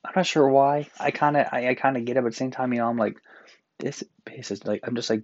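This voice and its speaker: A man's voice: medium pitch, fairly even intonation, fast, no echo, highs cut off. Profane, exasperated man ranting. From Newfoundland, Canada. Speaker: podcast host. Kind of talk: casual solo podcast rant. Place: apartment room.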